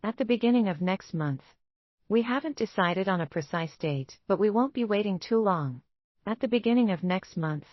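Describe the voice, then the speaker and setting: A woman's voice: mid-range voice, lively intonation, normal speed, no room sound, lo-fi sound, natural voice. A woman reading as a taunting rich fiancée. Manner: sharp, taunting. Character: scornful young woman, a rich rival fiancée.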